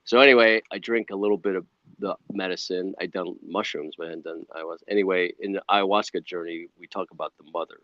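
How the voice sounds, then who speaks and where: A man guest telling a long personal story in a casual interview, rambling and animated with many asides. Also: sits low, fast, dry recording, dull audio. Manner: rambling, animated, full of "you know" asides.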